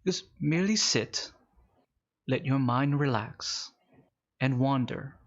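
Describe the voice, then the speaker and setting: A man's voice: medium pitch, dull audio. A man playing a soothing male hypnotist. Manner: soft, slow, soothing hypnotic guidance. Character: calm male mystic guiding a trance.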